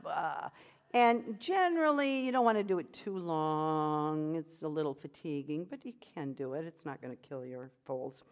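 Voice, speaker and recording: A woman's voice: low-pitched, expressive, normal speed, few pauses, smooth. A woman vocal coach leading a voice workshop. She encourages the group and demonstrates sounds and short sung phrases for them to copy.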